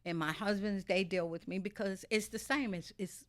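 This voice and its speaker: A woman's voice: mid-range voice, steady tone, moderate pace. A woman guest telling a story from her own life in an emphatic, confiding way, repeating herself for emphasis. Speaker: podcast guest, salon founder. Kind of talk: animated personal storytelling.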